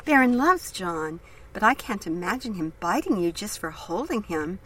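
A woman's voice: medium pitch, very animated, moderate pace, fairly bright tone, breathy edge, low-quality recording. A woman reading the lines of a blind male judge who is shaken and apologetic, in an earnest, distressed way.

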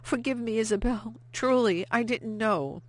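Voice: mid-range voice, unhurried, pitched above the performer's own voice, lightly acted. An audiobook narrator voicing Vianne, a young French wife, anxious and guilt-ridden, who pleads and stammers when cornered. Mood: pleading.

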